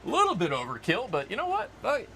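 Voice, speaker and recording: Guy rambling on his livestream, super animated up and down, chatting to viewers outside. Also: high-pitched, quick pace, a little hiss or hum. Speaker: livestream host. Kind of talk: casual livestream chat. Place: outdoors.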